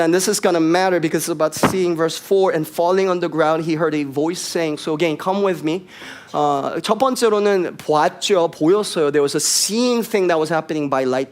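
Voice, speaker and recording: A man preaching a sermon as pastor, switching back and forth between two languages in a lively, emphatic way. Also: a little high. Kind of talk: bilingual sermon.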